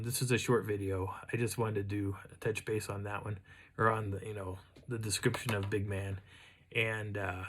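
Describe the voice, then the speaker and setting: A man's voice: on the low side, husky. A man hosting his own channel, telling a casual story to the camera in a rambling way, with frequent restarts and fillers. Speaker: channel host.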